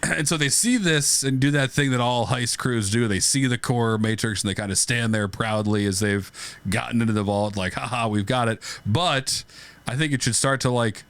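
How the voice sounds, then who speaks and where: A man's voice: mid-range voice, normal speed, a bit bright, no room sound. A man co-hosting a comedy podcast, riffing animatedly on a movie idea and laughing often. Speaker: podcast co-host. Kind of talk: casual comedic brainstorming.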